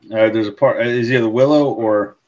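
A man's voice: mid-range voice, fairly even intonation, a little fast, darkish tone, highs cut off. A man co-hosting a podcast, swearing freely and telling family stories in casual chat. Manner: swearing, laughing storyteller.

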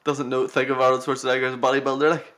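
A man's voice: mid-range voice, level tone, rapid-fire, a bit bright. A man, co-hosting a podcast in casual, wry banter and swearing freely. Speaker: podcast co-host.

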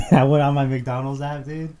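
A man's voice: mid-range voice, little pitch movement, a little slow, crowd noise. A young man co-hosting a podcast, laid-back and giggly, often laughing as he asks questions in casual chat. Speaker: podcast co-host.

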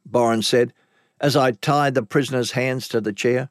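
A man narrating a story in the first person with dramatic, expressive delivery. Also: medium pitch, normal speed, no echo. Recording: dry close recording.

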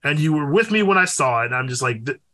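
A young man co-hosting a podcast in casual chat, animated and profane, with loud exclaims. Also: on the high side, fast talker. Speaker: podcast co-host.

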